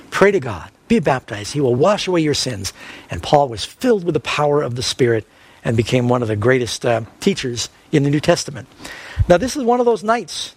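A middle-aged man preaching an evangelistic sermon as a pastor, earnestly reading scripture and asking the audience questions. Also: a little high. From Northern California.

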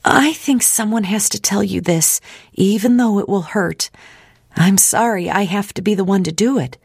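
A woman reading aloud, voicing a worried young woman friend who gently and apologetically breaks hard news. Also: medium pitch, normal speed, creaky, husky, no room sound, studio quality, pitched above the performer's own voice. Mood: apologetic.

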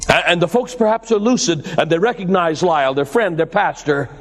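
An older male pastor preaching a sermon, slowing his delivery for emphasis and lifting his voice at exclamations. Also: on the high side, big-room sound.

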